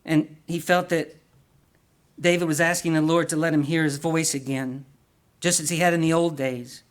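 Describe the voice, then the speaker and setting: A man's voice: a little high, steady tone, moderate pace. A man preaching a sermon in an earnest way, asking the congregation questions and often repeating or restarting words.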